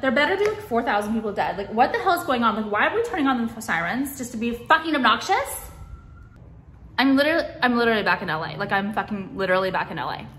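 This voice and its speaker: A woman rants casually to her followers, exasperated and sweary, with "like" in nearly every phrase. Her voice sits a little high and sounds bright and forceful. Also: a little hiss or hum. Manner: exasperated, sweary, heavy use of "like". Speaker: vlogger. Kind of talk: casual rant to camera. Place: car.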